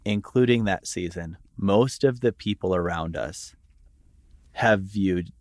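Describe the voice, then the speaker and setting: Low-voiced man speaking with earnest reflection. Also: slow pace, darkish tone, no room sound. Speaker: podcast co-host. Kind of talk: reflective conversational talk.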